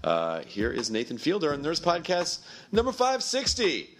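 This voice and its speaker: A hoarse man hosting a podcast, giving a rambling, self-mocking solo intro in a hurry. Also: fairly high pitch, huge pitch swings, normal speed, fairly bright tone, a little hiss or hum. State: hoarse, lost voice. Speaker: podcast host.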